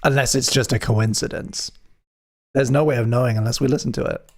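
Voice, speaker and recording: A man's voice: mid-range voice, steady tone, a little fast. A man hosting a live music stream, chatting casually with wry, self-deprecating jokes.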